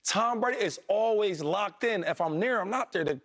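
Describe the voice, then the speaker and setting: A man who played professional football, telling animated stories as a sports panelist on a studio show. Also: high voice, normal speed. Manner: storytelling, animated, laughs easily.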